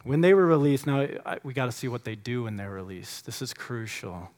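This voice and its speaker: A man's voice: mid-range voice, expressive, brisk, a little mellow. A man preaching in a church, praying earnestly and then teaching in a casual, conversational way with frequent fillers. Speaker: pastor. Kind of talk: sermon. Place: church sanctuary.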